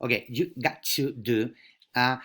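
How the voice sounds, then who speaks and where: Male pronunciation teacher, unhurried delivery, exaggerates sounds and keeps checking in with the class. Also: mid-range voice, pushed and bright, husky. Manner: over-articulates sample words, often checks with "right?". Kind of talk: pronunciation lesson.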